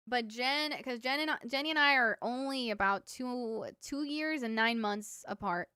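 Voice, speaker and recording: A woman's voice: fairly high pitch, normal speed, hardly any pauses, bright, forceful tone, clear, resonant tone, dry recording. Young woman on a stream just rambling through old family stories, super dry mic sound. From Cuban family. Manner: rambling storyteller, lots of fillers, laughs at own stories. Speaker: livestream streamer. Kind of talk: casual chat with viewers.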